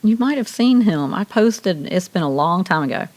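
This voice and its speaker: A woman with a Southern US accent, co-hosting a radio show in casual chat, talkative and quick to laugh as she tells long stories. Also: fairly low pitch, animated, a little mellow. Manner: chatty, laughs often, tells stories at length.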